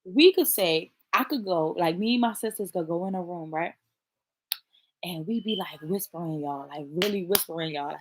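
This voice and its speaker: A woman's voice: on the low side, moderate pace. Blunt, cussing woman talking to camera. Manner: blunt, profane, addresses viewers directly. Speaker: vlogger. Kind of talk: casual chat to camera.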